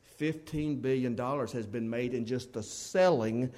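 A man preaching a sermon as a Baptist preacher, telling stories with loud emphasis and dropping to low asides. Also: measured pace.

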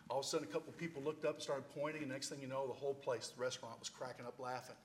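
A man's voice: mid-range voice, level tone, racing, a little hiss or hum. An older man preaching, telling a playful, humorous personal story as a storytelling sermon.

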